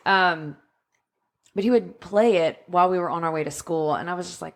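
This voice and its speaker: A woman's voice: on the low side, normal speed, creaky. A woman co-hosting a podcast, talking casually with lots of ums and likes. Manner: chatty, frequent ums and likes. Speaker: podcast co-host. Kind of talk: casual chat.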